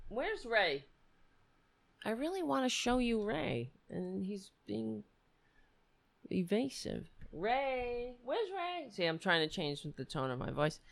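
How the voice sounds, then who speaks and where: Slow-talking, ranting woman host. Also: mid-range voice, sing-song, gravelly, no echo. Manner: ranting, rambling, thinking aloud. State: losing her voice. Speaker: live-stream show host. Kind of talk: casual live-stream chat.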